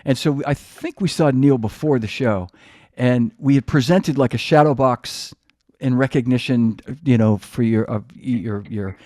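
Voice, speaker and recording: A man hosting a casual podcast, reminiscing in a relaxed, conversational way. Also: mid-range voice, normal speed, no room sound, clean studio sound. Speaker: host.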